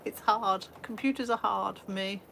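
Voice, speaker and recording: A woman's voice: mid-range voice, normal speed, creaky, a bit bright. A woman hosting an art live stream from a small shed studio, chatting casually and laughing at herself. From England. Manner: chatty, self-deprecating, rambling with fillers. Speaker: art livestream host. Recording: faint background noise.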